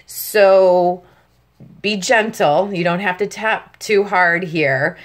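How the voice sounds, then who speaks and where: Woman, tapping instructor, slightly low voice, patient, checks in often. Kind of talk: step-by-step demonstration lesson.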